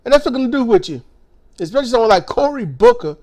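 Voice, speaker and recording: A man in his forties ranting a profane, sarcastic political monologue, his voice strained and hoarse, mocking others in put-on voices. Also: very high voice, big pitch swings, fast, a little mellow. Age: 40s. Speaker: political commentary vlogger.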